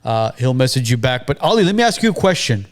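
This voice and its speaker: Male podcast host, mid-pitched, chatty, addresses the audience directly. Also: sing-song, quick pace. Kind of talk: casual podcast conversation.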